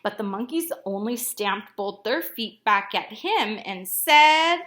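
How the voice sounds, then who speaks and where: A woman's voice: medium pitch, lively intonation, takes it slowly, fairly bright tone. A woman reading a picture book aloud to children, asking them questions and having them join in. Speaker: storyteller for children.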